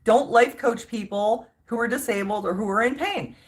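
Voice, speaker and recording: A woman's voice: fairly high pitch, normal speed. A woman vlogger telling a story in a casual, emphatic rant, exasperated and full of restarts.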